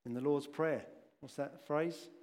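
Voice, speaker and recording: A man's voice: on the high side, steady tone, measured pace, a little mellow. Chatty male preacher in echoing hall. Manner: chatty storytelling, asides to the listeners. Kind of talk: sermon. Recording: long echoing hall reverb.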